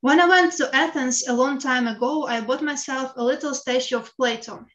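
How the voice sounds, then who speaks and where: A woman's voice: high-pitched, moderate pace, fairly bright tone, lo-fi sound. A woman with a Ukrainian accent reads her own personal essay aloud in a frank, wry way, swearing bluntly. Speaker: writer reading her own piece.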